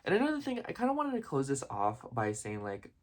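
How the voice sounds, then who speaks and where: A man's voice: medium pitch, huge pitch swings, a little fast. A young man talking in a casual, heartfelt vlog, rambling with constant "like" and "you know" and openly emotional and gushing. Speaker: vlogger.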